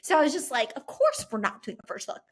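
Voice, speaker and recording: A young woman with a somewhat high voice talks on her faith podcast in a chatty, animated way. She fills her sentences with "like" and tells stories with lots of energy. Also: fast talker. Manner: chatty and animated, many fillers like "like". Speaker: podcast host. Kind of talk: casual faith-based podcast talk.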